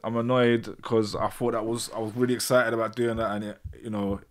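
A man hosts a live stream in a loose, chatty way. His voice sits on the low side, and his talk is full of fillers as he works through technical trouble. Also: fairly even intonation, a little fast, few pauses. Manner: chatty, frustrated with tech glitches. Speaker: host. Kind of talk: casual live stream chat.

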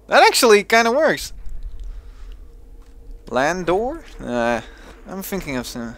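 A man's voice: medium pitch, big pitch swings, slow, pauses often, a bit bright, a little hiss or hum. A young man with a Dutch accent, chatting casually and thinking aloud as he plays a video game. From Netherlands. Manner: chatty, thinks aloud with restarts and self-talk. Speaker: let's play gamer.

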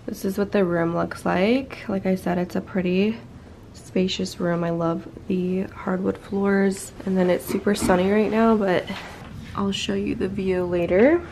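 A travel vlogger with a steady, slightly mellow, medium-pitched voice narrates at a measured pace in a chatty, upbeat vlog from a hotel room and city streets. Her voice is nasal because she's sick with a sore throat. Background music plays, and the low-quality recording has a little hiss or hum.

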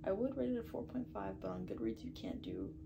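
A woman's voice: medium pitch, wildly swooping pitch, brisk, vocal fry, noisy background. A young woman chatting in a casual reading vlog, breathless and anxious, sometimes dropping to a whisper. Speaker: book vlogger. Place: bedroom at night.

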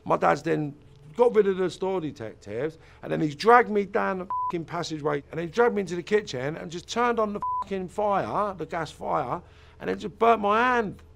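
British man, gravelly, somewhat high voice, interviewee with a raw emotional delivery. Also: lively intonation, moderate pace, a bit bright, a little hiss or hum. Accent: British English. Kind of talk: recounting his childhood.

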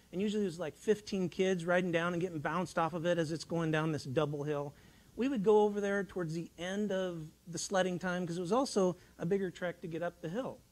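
In a church sanctuary, a man delivers a sermon, recounting a childhood story in a folksy, meandering style with many restarts. His voice is high-pitched, and the recording quality is rough.

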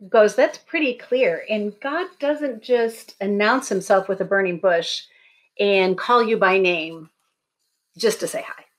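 Woman giving a conversational sermon. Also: medium pitch. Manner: conversational, humorous storytelling. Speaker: speaker at a college baccalaureate service.

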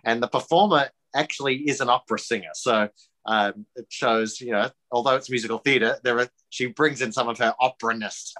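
A man's voice: medium pitch, fairly quick, poor audio. A man, a songwriter, casually introducing his musical numbers with many fillers. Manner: relaxed, hesitant with many fillers. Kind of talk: lecture talk introducing songs.

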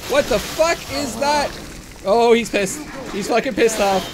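A woman giving excited gameplay commentary, swearing often, yelping and cheering as she plays. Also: fairly high pitch, measured pace, background noise. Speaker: let's play gamer.

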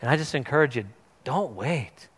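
A man pastor giving a conversational sermon, animated and acting out the voices of people in the story. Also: mid-range voice, moderate pace, breathy edge. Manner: conversational, animated, acts out voices of biblical figures. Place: church sanctuary. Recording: long reverb of a church hall.

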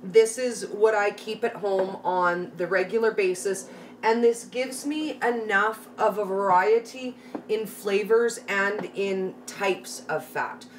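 A woman's voice: medium pitch, slow pace. A middle-aged Canadian woman hosting a live recipe tutorial from her home kitchen, chatting and greeting viewers by name. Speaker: live cooking host. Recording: slightly distant mic, faint background noise.

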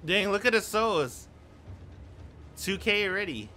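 A male gamer talking through his play session, his voice swinging widely in pitch as he cusses and reacts on the fly. He speaks slowly with a slightly raised pitch, and a clear layer of background noise runs under the recording. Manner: profane, excitable running reactions. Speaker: gaming streamer. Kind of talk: live gameplay commentary.

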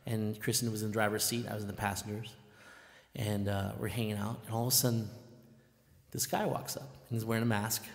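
A man hosting a live music stream, chatting casually and telling stories in an animated, excitable way, full of "I'm like" and the odd curse. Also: on the low side, fairly quick. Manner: animated, excitable storyteller who keeps saying "I'm like" and curses at times. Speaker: live music show host and band member. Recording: echoey room with long reverb.

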